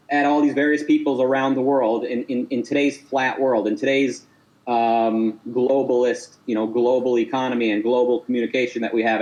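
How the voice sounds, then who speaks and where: A man argues his side in a casual debate call. He talks haltingly, stumbling over repeated words and restarting his sentences as he presses on. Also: medium pitch, darkish tone, rough recording. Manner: hesitant, stammering, many restarts.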